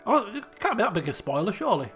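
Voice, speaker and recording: A man hosts a game playthrough, reading its narration and dropping wry asides. His pitch is high for a man and moves a lot. Faint music plays behind him. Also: sing-song, fast talker, fairly bright tone. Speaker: let's play host.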